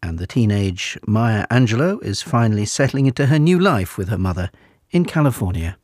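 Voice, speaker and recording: A man's voice: lowish voice, expressive, a little fast, darkish tone. A man doing wry continuity announcing on radio. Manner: wry, joking.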